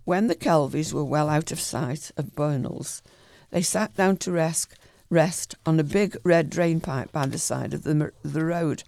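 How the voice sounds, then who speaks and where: A man reading a short story aloud in a calm, even way, with the odd small slip. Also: on the high side, measured pace, vocal fry, few pauses, no room sound.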